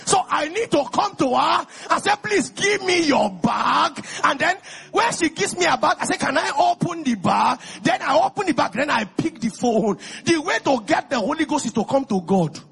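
A Nigerian man from Ekiti preaching an exuberant sermon, calling out to the congregation and often shouting. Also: very high voice, sing-song, normal speed, gravelly, few pauses. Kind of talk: lively sermon.

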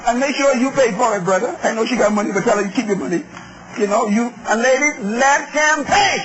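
Emphatic preacher, male, very high pitch, muffled recording with noise. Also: fairly quick. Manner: emphatic, call-and-response with the crowd. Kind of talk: sermon on relationships.

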